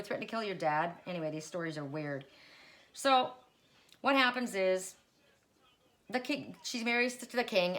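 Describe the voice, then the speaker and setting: A woman doing a card reading who tells a story in a loose, chatty way. She keeps restarting her sentences and breaking off into asides. Her voice sits at a plain middle pitch. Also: a bit bright. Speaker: tarot reader. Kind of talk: casual spoken card reading.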